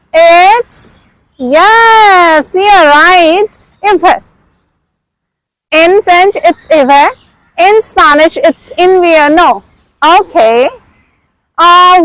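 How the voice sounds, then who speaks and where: A woman teaches vocabulary, drilling each word several times and praising the learner. Her voice sits very high, and she speaks at an unhurried, very slow pace. The recording is dry and close. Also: fairly bright tone, no echo, rough recording. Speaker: language teacher. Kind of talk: slow, repetitive language lesson.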